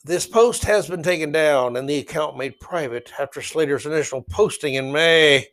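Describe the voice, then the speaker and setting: A middle-aged man with a slightly high voice holds forth alone on his podcast. He rants bluntly and heatedly, wandering from story to story with strong opinions. His delivery is loose and conversational, never scripted. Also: normal speed, a bit bright. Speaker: podcast host. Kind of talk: opinionated solo podcast monologue.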